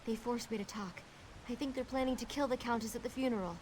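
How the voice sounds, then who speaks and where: A woman's voice: fairly high pitch, quick pace, darkish tone, a little hiss or hum, natural voice. An actress playing a frightened young woman servant held captive in a video game, urgent and pleading.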